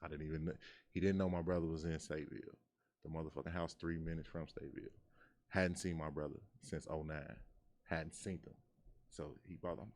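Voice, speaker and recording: A man from Chicago in his thirties, telling stories in casual chat and acting out quotes in a high voice. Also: fairly quick. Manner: animated storyteller, acts out quotes in a high voice. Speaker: guest.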